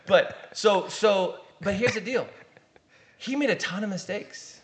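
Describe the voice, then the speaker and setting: A middle-aged man, a pastor and guest, telling lively stories in casual podcast conversation and acting out the quotes. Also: sits high, measured pace. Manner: animated storyteller, acts out quotes.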